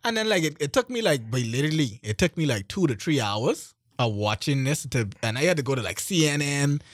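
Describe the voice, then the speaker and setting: A man's voice: a little high, a little fast, dry recording, clean studio sound. A man, co-hosting a casual chat and telling stories with quoted voices. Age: 20s. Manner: animated, storytelling with quoted voices. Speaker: podcast co-host.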